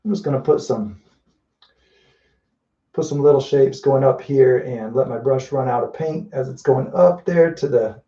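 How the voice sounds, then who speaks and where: A man talks through his painting as he works, loose and unhurried, often restarting his sentences and tossing in "you know." His voice sits mellow and warm in a middle pitch. The recording is a little dull and lo-fi. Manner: relaxed, thinking aloud while painting, many restarts and "you know". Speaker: painting instructor. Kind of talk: live painting demonstration. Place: indoors at a painting wall.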